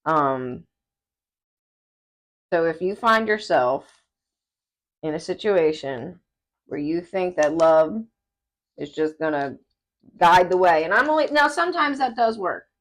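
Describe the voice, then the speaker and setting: A woman co-hosting a casual podcast, telling stories in an animated way and laughing often. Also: lowish voice, takes it slowly, pauses often. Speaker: podcast co-host. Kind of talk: casual chat.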